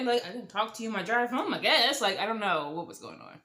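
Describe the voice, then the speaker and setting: A woman's voice: medium pitch, very animated, brisk, pushed and bright. Young woman, sassy storytime vlogger with dramatic asides; roomy, echoey sound. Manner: sassy, dramatic, slangy, mock-shocked asides. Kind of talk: animated storytime monologue.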